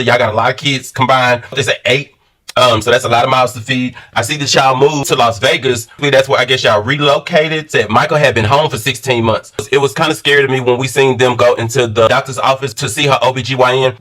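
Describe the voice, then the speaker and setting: A man reviewing a reality show in casual, animated commentary, full of slang and direct asides to viewers. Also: medium pitch, poor audio. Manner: animated, slangy, addresses viewers as sis and baby.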